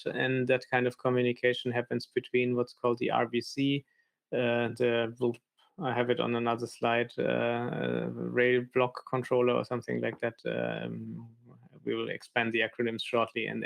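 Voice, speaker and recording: A man gives a technical presentation over a video call, pausing often with ums and uhs. His voice is gravelly and stays flat in pitch, and he lays points out slowly one by one. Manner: hesitant, many fillers.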